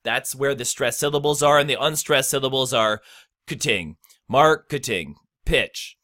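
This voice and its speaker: A man's voice: medium pitch, moderate pace, sharp tone. A man casually teaching rap rhyme schemes, breaking words into stressed and unstressed syllables. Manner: loose and conversational, many fillers. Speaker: rap tutorial host. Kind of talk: casual instructional talk.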